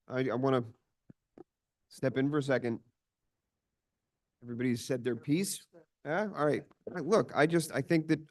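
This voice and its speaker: A man's voice: mid-range voice, darkish tone. Hesitant, conciliatory male meeting chair. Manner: conciliatory, hesitant, many fillers and restarts. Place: commission meeting chamber.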